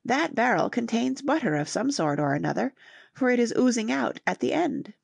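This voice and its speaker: A bookish know-it-all boy who insists on his point, as a woman narrator voices him. There is gravel in the voice, and the recording is close and dry. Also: fairly high pitch, very animated, normal speed, no echo, voice pushed up, full character voice. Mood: insistent.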